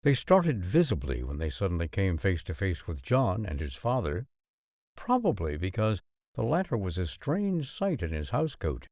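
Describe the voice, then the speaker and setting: Expressive male storybook narrator. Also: sits low, normal speed, dry recording, studio quality. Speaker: audiobook narrator.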